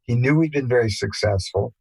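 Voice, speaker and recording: An older man, a musician guest, telling rambling anecdotes in a relaxed interview, with many fillers and restarts. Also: mid-range voice, a little fast, creaky, slightly rough, no room sound, poor audio. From England.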